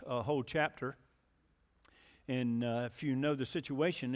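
A man preaches a sermon in a folksy, storytelling style, using many fillers and posing questions to the congregation. His mid-range voice carries a big-room sound.

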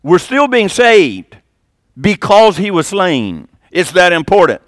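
An older man preaching a sermon as pastor, swinging between loud emphatic lines and quiet, low asides. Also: big pitch swings, takes it slowly, no room sound, clean studio sound.

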